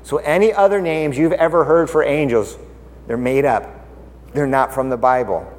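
A man's voice: medium pitch, normal speed, darkish tone, long reverb tail. A man preaching a casual, conversational sermon, playful and full of rhetorical questions, acting out the characters as he retells Bible stories.

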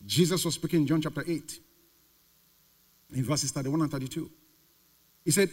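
A pastor preaching a sermon with emphatic repetition and rhetorical questions. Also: male voice, a little high, brisk, long pauses, darkish tone. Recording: reverberant hall.

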